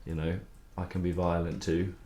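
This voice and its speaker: Young songwriter, low voice, loose rambling stream talk with swearing, recorded in an echoey room. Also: male voice, flat delivery, normal speed, mellow, slight background noise. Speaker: songwriter streaming his writing process. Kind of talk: casual livestream chat.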